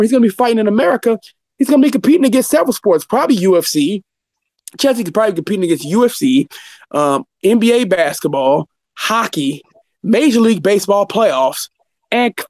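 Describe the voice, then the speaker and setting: A man's voice: extremely high pitch, dry recording. A man ranting heatedly about boxing, profane and fired up. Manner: profane, fired-up, talks fast. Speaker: guest commentator.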